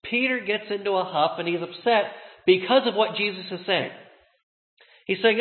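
A man preaching a sermon as a pastor, earnest, slowing down to stress key words. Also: high voice. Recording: tinny, echoey hall.

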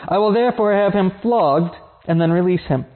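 A man giving a measured, solemn liturgical scripture reading. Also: high voice. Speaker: scripture reader. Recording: tinny phone-like sound.

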